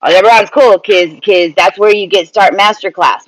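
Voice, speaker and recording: Brief: high-pitched male spiritual teacher, emphatic and repetitive. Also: steady tone, moderate pace, hardly any pauses, a bit bright, rough recording. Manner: repetitive, emphatic, restarts phrases.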